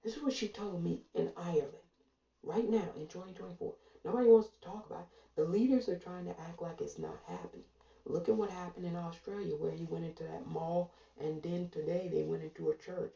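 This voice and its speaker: Emphatic woman with a gravelly, dark voice. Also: fairly low pitch. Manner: emphatic, repetitive, drawn-out stresses. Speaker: commentator. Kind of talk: casual monologue to camera. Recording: echoey room from far off.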